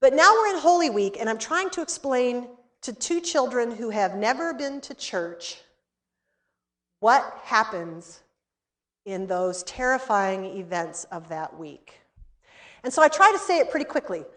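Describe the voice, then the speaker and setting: High-voiced woman telling a story in a lecture. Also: unhurried. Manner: animated storytelling, acting out dialogue. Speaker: seminary lecturer.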